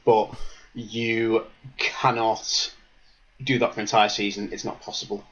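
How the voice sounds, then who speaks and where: A man co-hosting a podcast in casual football chat, animated and jokey, rambling from point to point. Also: on the low side, a little slow, highs cut off. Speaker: podcast co-host.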